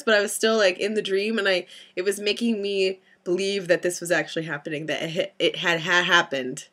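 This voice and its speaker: Brief: young woman vlogger with a bright, crisp voice; giggly, excitable storyteller who rambles and restarts. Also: mid-range voice, normal speed. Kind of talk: casual dream-telling vlog.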